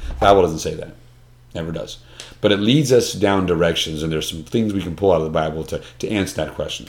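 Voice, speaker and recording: A man's voice: low voice, expressive, quick pace, gravelly, a little mellow. A man in casual discussion, earnest and emphatic, often restarting his sentences with repeated words. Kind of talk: conversational discussion.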